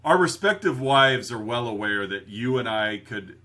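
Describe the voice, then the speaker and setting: A man's voice: mid-range voice, expressive, moderate pace, sharp tone. A man co-hosting a podcast in casual chat, laughing often and quoting movies. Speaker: podcast co-host.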